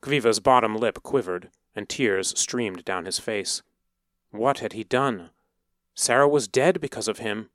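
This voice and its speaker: In a steady, measured reading voice, a man narrates a story. His pitch is medium, and the studio recording is clean with no room sound.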